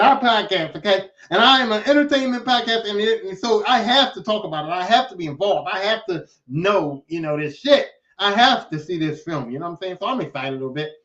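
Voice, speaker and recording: A man hosting a podcast, ranting in a casual, animated monologue that is full of swearing and repeated phrases. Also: sits high. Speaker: podcast host. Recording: echoey, distant, dull lo-fi.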